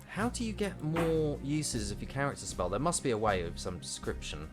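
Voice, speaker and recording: A man's voice: medium pitch, big pitch swings, normal speed. A man casually commentating his gameplay and chatting to his units, with game music behind. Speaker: streamer.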